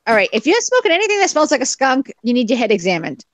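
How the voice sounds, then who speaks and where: A woman's voice: high-pitched, big pitch swings, fast talker, no room sound. A middle-aged woman in casual chat, speaking bluntly and emphatically. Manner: blunt and emphatic, punctuating with "okay?".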